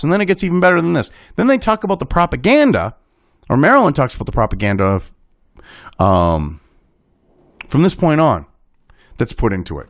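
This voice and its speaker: A man with a high, animated voice rants through a commentary show. He swears freely and sounds indignant and sarcastic, with a pitch that leaps around. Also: no room sound, clean studio sound. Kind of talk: profane ranting commentary.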